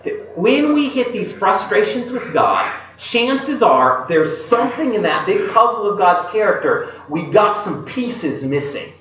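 A man preaching a sermon, retelling a Bible story in an animated way and putting questions to his listeners. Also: high-pitched, a little slow, a little hiss or hum. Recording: echoey, distant, dull room recording.

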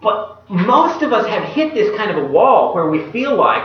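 A man preaching a sermon, retelling a Bible story in an animated way and putting questions to his listeners. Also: sits high, normal speed, slight background noise. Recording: echoey, distant, dull room recording.

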